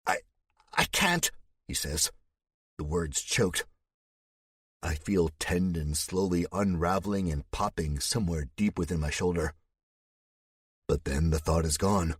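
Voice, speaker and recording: Deep husky male audiobook narrator. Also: a little slow, long pauses, dry recording, studio quality. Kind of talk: first-person thriller narration.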